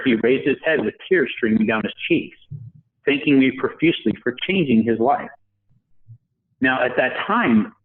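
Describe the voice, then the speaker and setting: Guy telling a story over a tinny phone line, really animated, acts out all the voices. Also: mid-range voice. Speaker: podcast guest. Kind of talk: storytelling in a conversation.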